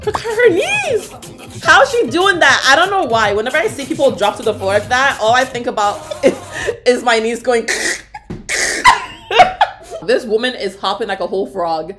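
A young woman from Canada giving casual reaction commentary, excitable and exclamatory, laughing often. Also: fairly high pitch, moderate pace, soft background music. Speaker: reaction vlogger.

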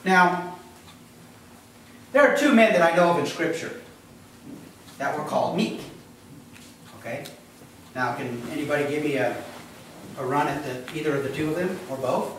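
A man's voice: a little high, expressive, moderate pace, pauses often, very echoey, recorded from a distance, a little hiss or hum, low-quality recording. A man preaching a sermon as pastor, talking conversationally, quizzing the congregation and acting out voices. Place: church.

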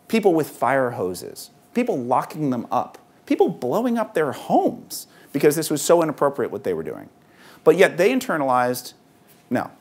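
A man speaking to a room of parents in a loose, conversational lecture, often filling pauses with ums. His voice has a husky grain to it. His pitch rises and falls with a lot of life as he tells his stories. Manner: lively, conversational, frequent ums. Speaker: author and speaker at a parents' event. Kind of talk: public talk to parents. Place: event hall.

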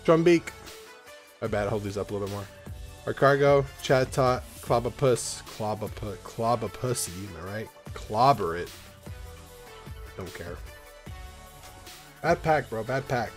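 A man's voice: medium pitch, a little slow, long pauses, soft background music. Rambling, foul-mouthed young man. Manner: rambling, swears a lot, bursts into loud excited whoops. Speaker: YouTuber opening trading card packs. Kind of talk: casual rambling vlog. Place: at home in an apartment.

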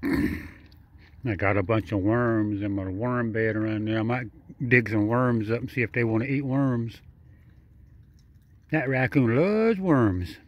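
A man's voice: mid-range voice, takes it slowly, pauses often, dull audio. A man giving casual running commentary while feeding a raccoon, talking straight to the animal in a chatty, repetitive way. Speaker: vlogger feeding a wild raccoon.

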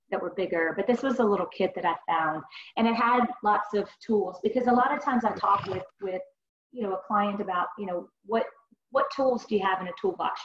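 A woman's voice: medium pitch, a little hiss or hum. A woman counselor giving an online presentation, sharing client stories in an earnest, conversational way with many fillers. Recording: dull lo-fi online call audio.

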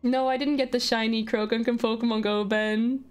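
A woman streaming a video game live, gushing and excitable as she chats with her viewers. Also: a little high, normal speed, clear, resonant tone. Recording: faint background music.

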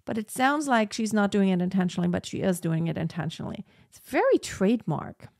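A woman's voice: mid-range voice, very animated, a little fast, gravelly, very noisy. A young adult woman vocal coach reacting in casual, enthusiastic commentary, now and then singing short demonstrations.

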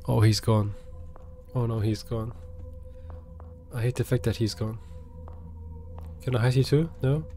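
A man's voice: mid-range voice, flat delivery, measured pace, long pauses, darkish tone, dry recording, soft background music. A man giving casual let's-play commentary, chatting to the game and yelping when startled. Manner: chatty, talks to the game, jumpy yelps. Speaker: gaming video creator.

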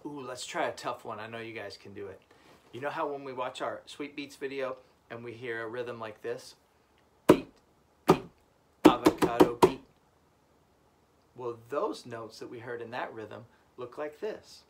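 A man teaches a children's music lesson at a moderate pace in a medium-pitched voice, encouraging the class and chanting rhythm syllables. The recording has loud background noise.

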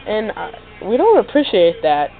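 A man's voice: high-pitched, huge pitch swings, moderate pace, soft background music. A teenage boy commentating on a basketball video game with his friend, teasing in a dry, sarcastic way. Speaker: gaming commentator. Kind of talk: casual gameplay commentary. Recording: tinny, phone-like sound.

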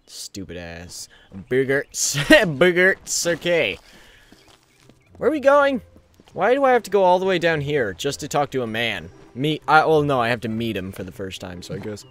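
A young man commentating his gameplay in a jokey, excitable way, swearing and shouting at enemies. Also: medium pitch, moderate pace. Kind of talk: let's play commentary.

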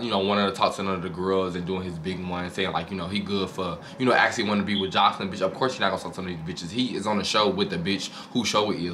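Fast-talking man, profane gossipy host. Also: deep voice. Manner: profane, gossipy, dramatic storytelling. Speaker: channel host recapping a reality show. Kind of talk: casual reaction commentary. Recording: noticeable background noise.

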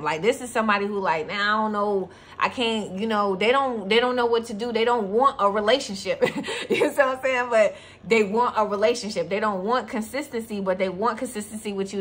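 A woman's voice: medium pitch, a bit bright, a little hiss or hum. Blunt, profane woman reading tarot. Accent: Southern US. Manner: blunt, profane, laughs often. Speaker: tarot reader.

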